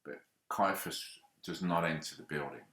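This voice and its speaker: A man's voice: very deep voice, moderate pace, bright, forceful tone, reverberant. A man leading a church group, retelling a Bible story with small restarts as he goes. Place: church hall.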